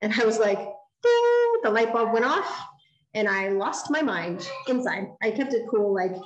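A woman giving a design lecture, telling a story in an animated way and acting out the dialogue. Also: medium pitch, moderate pace, reverberant, highs cut off, over music. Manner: animated, acts out quoted dialogue. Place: lecture hall.

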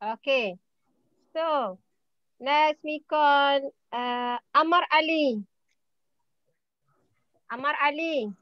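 Brief: high, unhurried Malaysian woman teaching over a dull, dry video call; patient, repeats herself. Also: dry recording. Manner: patient, repeats words and names often. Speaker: English teacher. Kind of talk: online class roll call and vocabulary quiz.

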